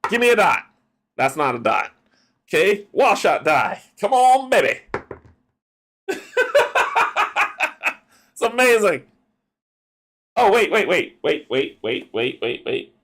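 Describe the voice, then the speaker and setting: Chatty guy playing a card game solo, thinks out loud, kinda high voice. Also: very animated, slow, long pauses. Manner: chatty, laughs often, thinks aloud. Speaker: game player.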